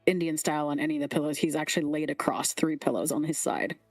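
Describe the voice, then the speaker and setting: A woman's voice: sits low, steady tone, quick pace, music in the background. A woman narrating a tabletop game as game master, describing the scene in an amused way.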